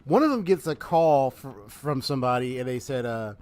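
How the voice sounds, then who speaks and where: A man's voice: medium pitch, normal speed, hardly any pauses, darkish tone, faint music behind. A man streaming a video game live, chatting casually and telling a story with frequent laughs. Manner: chatty storytelling, laughs often, reads game dialogue aloud. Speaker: gaming streamer. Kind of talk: casual live gameplay chat.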